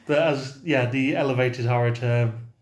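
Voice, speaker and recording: A man's voice: mid-range voice, normal speed. A man co-hosting a casual podcast, blunt and jokey and prone to swearing. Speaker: podcast co-host. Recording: echoey room.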